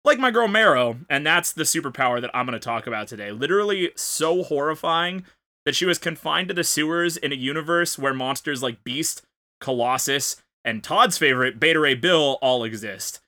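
A man's voice: fairly high pitch, expressive, moderate pace, bright, forceful tone. A man co-hosting a podcast, presenting his pick with playful, dramatic flourishes. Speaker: podcast co-host. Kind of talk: casual chat.

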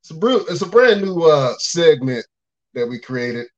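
A man hosts a wrestling podcast with a lively, swinging pitch. He hands the floor to guests and reacts with excitable hype. His voice sits a little above average. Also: measured pace, lo-fi sound. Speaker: podcast host. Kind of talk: casual podcast hosting.

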